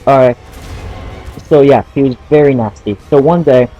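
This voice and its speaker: A man's voice: mid-range voice, moderate pace, mellow, highs cut off. Casual young man swearing through gameplay. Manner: casual, laughing, swearing while playing. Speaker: gaming channel host. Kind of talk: gameplay commentary with storytelling.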